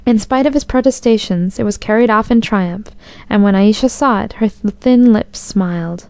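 Mellow-voiced woman reading a storybook. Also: medium pitch, moderate pace, dry recording. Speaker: narrator. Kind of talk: storybook narration.

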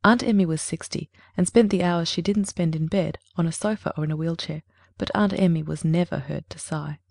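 A woman narrating a storybook at a measured pace. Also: low voice, gravelly, darkish tone, dry recording.

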